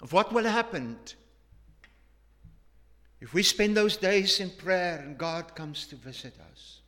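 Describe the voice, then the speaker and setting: A man preaching a sermon, telling a story earnestly with emphatic rises and hushed drops, often restarting his phrases. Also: sits high, animated, takes it slowly. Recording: long hall reverb.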